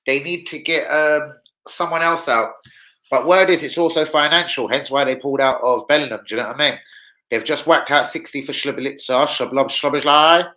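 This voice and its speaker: A man's voice: medium pitch, fairly quick, sharp tone, poor audio. A young man, hosting a casual football livestream, rambling and swearing in street slang. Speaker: football channel host.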